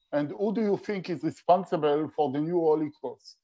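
Mellow-voiced male interviewer, dull audio. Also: on the high side. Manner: hurried, apologetic, broken grammar. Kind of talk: interview questions.

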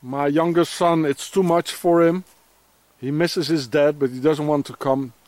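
A South African man, fairly high-voiced, records an angry, accusing vlog outdoors in deep snow. He talks into a handheld phone with a close, dry sound and keeps circling back to the same insults. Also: steady tone, measured pace, a little mellow, no room sound. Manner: bitter, accusing, repeats insults. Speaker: father filming a vlog. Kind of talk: angry ranting vlog to camera.

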